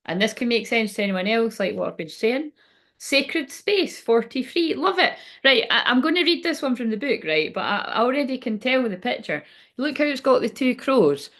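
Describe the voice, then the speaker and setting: A woman leads a relaxed live card reading. She sounds cheerful and talkative, and she speaks directly to the people watching. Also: on the high side, moderate pace. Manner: chipper and chatty, talking straight to viewers. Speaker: spiritual card reader.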